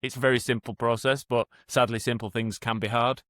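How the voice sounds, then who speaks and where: A man's voice: mid-range voice, flat delivery, brisk, fairly bright tone, no room sound, studio quality. A man, a rehab coach hosting a podcast, talking in a chatty, encouraging way with plenty of filler words. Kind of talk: casual interview talk.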